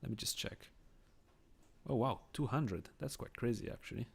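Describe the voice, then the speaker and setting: Casually commenting on a chess game during a live stream, this non-native English speaker from Switzerland chats with his viewers in a Swiss accent. He has a mid-range, creaky voice with a breathy edge and a moderate pace.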